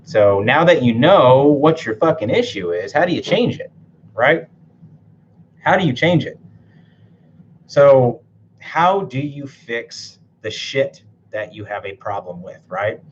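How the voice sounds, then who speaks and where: A man's voice: medium pitch, sing-song, slow, highs cut off, slight background noise. A man coaching on personality types in a blunt, casual talk to camera, swearing freely and tagging his points with "right?". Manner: blunt, swears a lot, tags sentences with "right?". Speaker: typology and NLP coach.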